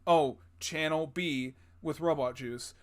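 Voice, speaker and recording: Amid crowd noise, a man with a voice on the high side speaks slowly as co-host of a gaming podcast. His casual chat rambles, leans heavily on fillers, and is full of crude jokes and banter.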